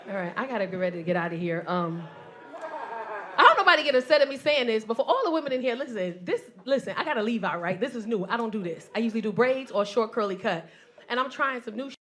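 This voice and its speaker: A woman in her forties performing a loud, animated stand-up set with crowd work, telling stories to a live audience. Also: fairly high pitch, quick pace. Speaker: stand-up comedian. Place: comedy club stage with live audience. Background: audience laughter.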